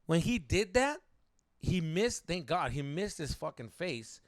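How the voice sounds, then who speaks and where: A young man hosting a podcast, telling stories in a profane, animated way, acting out voices and mixing in Spanish slang. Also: fairly high pitch, unhurried, dry recording, studio quality. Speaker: podcast co-host. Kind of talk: casual storytelling chat.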